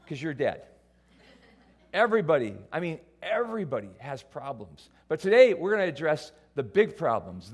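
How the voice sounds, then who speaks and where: A male pastor preaching to his congregation, mixing a funny personal story with his sermon. He tells it in an animated, self-mocking way, in a voice a little higher than most men's. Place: church before a congregation.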